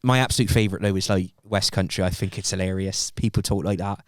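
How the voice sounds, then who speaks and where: A man's voice: low-pitched, steady tone, quick pace, crowd noise. A man chatting casually on a podcast, playful and laughing, often slipping into comic accents. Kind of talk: casual chat.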